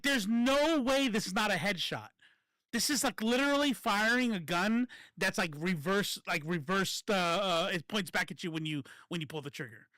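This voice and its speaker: Bright high-voiced man ranting casually. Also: no room sound. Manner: rambling, profane, stops and restarts often. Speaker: political commentary streamer. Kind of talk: casual political commentary.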